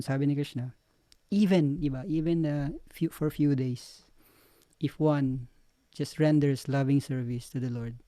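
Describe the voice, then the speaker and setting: A man with a Filipino accent sharing spiritual reflections in a study group, pausing often and restarting as he mixes Tagalog and English. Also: medium pitch, mellow, dry recording. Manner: hesitant, with many fillers and restarts, mixing Tagalog and English.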